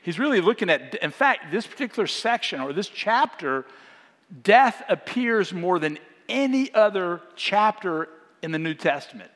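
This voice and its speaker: A man giving a sermon as guest preacher, speaking in a conversational, animated way and often asking the congregation questions. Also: sits high, moderate pace. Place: church sanctuary. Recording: long hall reverb.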